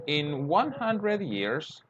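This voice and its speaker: A man's voice: a little high, sing-song, extremely slow, fairly bright tone. A man teaching English grammar, explaining step by step and acting out short example dialogues. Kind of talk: grammar lesson. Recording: dull lo-fi sound, faint noise.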